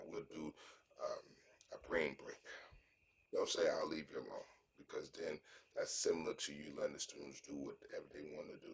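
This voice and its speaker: A man's voice: very deep voice, a little hiss or hum. A man giving a motivational self-talk monologue, coaching himself and repeating phrases as he acts out sample lines.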